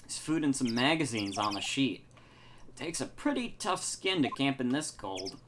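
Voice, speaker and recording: A woman reading as a deadpan young male lawyer. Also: a bass voice, moderate pace, background noise. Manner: deadpan, flat.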